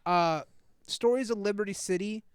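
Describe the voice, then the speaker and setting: A man in casual, animated chat about video games, swearing and laughing often. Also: high-pitched, moderate pace, clean tone, dry recording.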